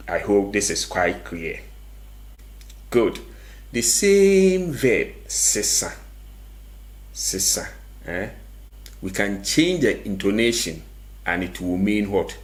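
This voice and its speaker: A man's voice: lowish voice, a bit bright. A man teaching a language lesson, repeating each word patiently and asking questions that he then answers himself.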